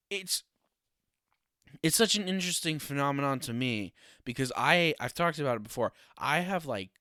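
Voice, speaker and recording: A man's voice: medium pitch, pushed and bright, dry recording, studio quality. A young man hosting a casual solo podcast, ranting with sarcasm and swearing and laughing often. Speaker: podcast host.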